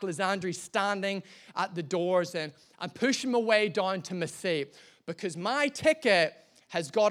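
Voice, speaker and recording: A man with a notably high voice delivers a sermon. He reads scripture, then tells a personal story with lively humour, addressing the congregation directly. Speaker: pastor.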